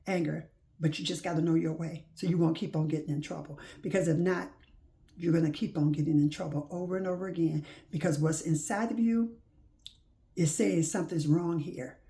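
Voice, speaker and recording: A woman's voice: lowish voice, moderate pace, gravelly, mellow. A woman preaching informally to her listeners, urging them on with repeated rhetorical questions and folksy phrasing. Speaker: faith-based motivational speaker.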